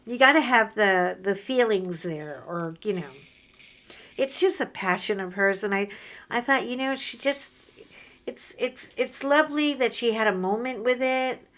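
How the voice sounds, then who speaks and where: A woman in her fifties chats at her craft table in a candid, conversational way. Her voice sits at an ordinary middle pitch and is close-miked in a home craft room. She gets more animated and heated as her story goes on. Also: unhurried. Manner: chatty and candid, animated retellings with rising emotion. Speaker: craft channel host. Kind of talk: casual chat while crafting.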